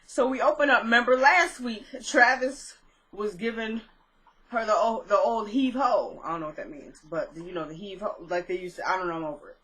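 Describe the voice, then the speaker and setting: A young woman chatting through a casual recap of a TV episode, retelling scenes in an animated way with lots of fillers. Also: medium pitch, a little fast, rough recording. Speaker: TV episode reviewer.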